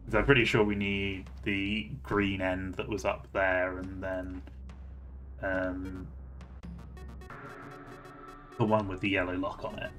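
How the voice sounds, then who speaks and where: A man's voice: deep voice, level tone, slow, pauses often, fairly bright tone, soft background music. A man streaming a story game, reading its narration aloud and breaking off to comment on it. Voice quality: chatty, reads lines out and then reacts to them.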